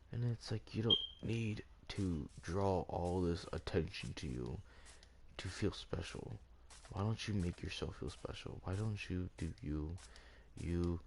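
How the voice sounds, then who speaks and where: A man with a very low, deep voice rants loosely over gameplay, wandering and restating his point again and again. His talk is full of "like" and restarts, and a faint hiss sits under it. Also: a little mellow. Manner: rambling, repeats himself, leans heavily on "like". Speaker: gaming channel host. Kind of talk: rambling rant over gameplay.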